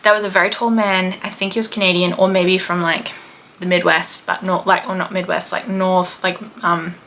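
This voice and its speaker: A chatty Australian woman in her thirties rambles through a travel story, full of "like" and "um". Her voice is bright with a gravelly edge. A faint background hiss sits under the recording. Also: lowish voice, flat delivery, moderate pace. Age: 30s. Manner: chatty and rambling, with many "like" and "um" fillers. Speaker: podcast host, history teacher. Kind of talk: casual chat, travel storytelling.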